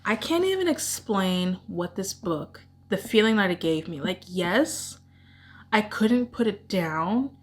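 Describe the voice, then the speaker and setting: A book vlogger with a medium-pitched, expressive voice talks slowly and casually about her favorite books. She gushes and rambles, full of emotion.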